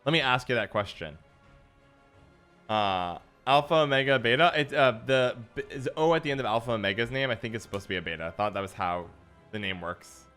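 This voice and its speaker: A man's voice: medium pitch, brisk, a bit bright, smooth, soft background music. A man livestreaming a card game, chatting casually with his viewers in a musing, self-deprecating way. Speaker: streamer. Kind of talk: casual livestream chat while gaming.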